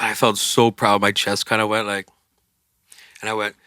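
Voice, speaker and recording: A man with a low, bright, forceful voice tells stories in a loose, animated way. He swears casually and jumps into other voices for the people he quotes. The sound is dry and close, with no room around it. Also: moderate pace, clean tone, no echo. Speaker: rock singer, interview guest. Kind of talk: casual storytelling.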